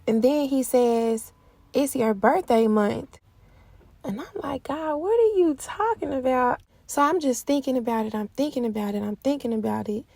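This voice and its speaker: A young woman telling a casual spoken testimony in an animated way, laughing often. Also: on the high side, normal speed, vocal fry, no echo. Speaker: Christian vlogger sharing a testimony.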